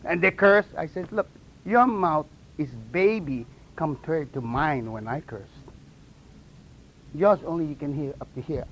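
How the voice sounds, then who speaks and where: A man telling his testimony in a sermon, in animated storytelling style with non-native English grammar and frequent laughter at his own stories. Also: fairly high pitch, measured pace, a little hiss or hum, rough recording. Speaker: preacher.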